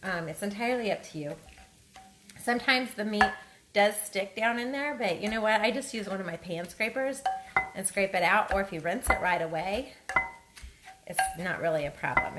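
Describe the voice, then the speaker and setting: With a fairly low pitch and moderate pace, this woman chats her way through a casual home-kitchen cooking demo, wandering off topic and mocking her own slip-ups. Loud frying, a sizzling pan and clattering fill the echoey kitchen.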